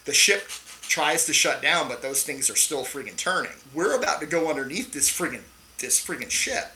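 Middle-aged male Navy veteran guest, bright and forceful, animated storyteller who swears casually, faint noise behind. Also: fairly high pitch, moderate pace, poor audio.

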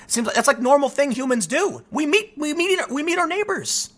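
A young adult man from the United States hosting his own channel, ranting in solo commentary, animated and restless, often restarting his sentences. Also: very high-pitched, fairly quick, hardly any pauses.

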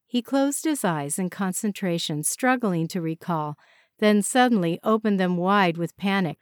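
A woman narrating a story in a steady, expressive audiobook style. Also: fairly low pitch, a little slow, dry recording, clean studio sound.

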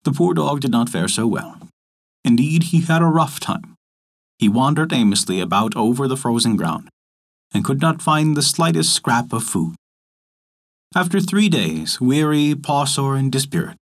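A man narrating a folk tale in a measured, expressive storytelling manner, as host of a story podcast. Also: medium pitch. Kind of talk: scripted narration.

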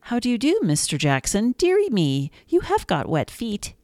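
A woman's voice: mid-range voice, wildly swooping pitch, moderate pace, darkish tone, no room sound, clean studio sound, pitched above the performer's own voice. Missus Tittlemouse, a woman doing a prim mouse. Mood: polite. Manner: prim and fretful. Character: tidy, fussy little female mouse. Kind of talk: children's storybook reading.

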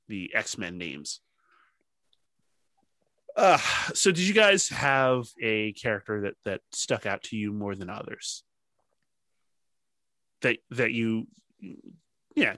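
A lively male podcast host with a bright, ringing voice that rises and falls a lot. He chats casually, laughs often and swears freely. The sound is dry and close. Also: fairly low pitch, takes it slowly, pauses often, dry recording. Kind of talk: casual chat.

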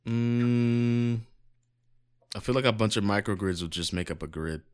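A man with a fairly low voice reads news articles aloud on a casual podcast. He keeps stopping for sarcastic jokes and a bit of swearing. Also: level tone, a little slow, clean tone. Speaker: podcast co-host.

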